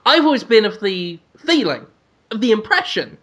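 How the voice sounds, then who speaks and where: A man co-hosting a podcast, chatting casually with deadpan, absurd jokes. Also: high voice, moderate pace, a little hiss or hum. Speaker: podcast co-host. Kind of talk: casual comedic chat.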